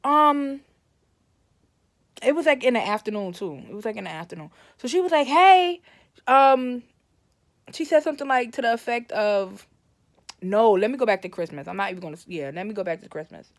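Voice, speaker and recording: A woman's voice: mid-range voice, animated, fast talker, no room sound, studio quality. A woman telling a personal story in a casual, rambling way, often correcting herself and livening up when she quotes her family. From Brooklyn, New York.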